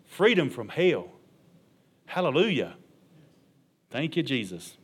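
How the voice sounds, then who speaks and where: A man's voice: a little high, very animated, slow pace, husky. A middle-aged male pastor preaching a sermon, emphatic and colloquial, punctuating his points with amen and hallelujah.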